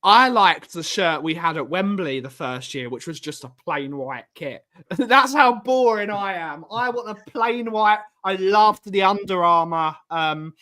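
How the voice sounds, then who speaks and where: A man's voice: high voice, lively intonation, a little slow, sharp tone. A man from Wales co-hosting a fan livestream, chatting casually and greeting viewers in the chat.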